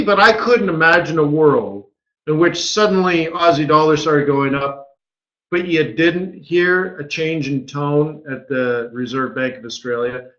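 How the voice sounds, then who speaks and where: His voice sits on the high side, bright and forceful. A forex market strategist, he chats his way through a live trading webinar, repeatedly dropping rhetorical "right?" questions, with the audio dull and lo-fi.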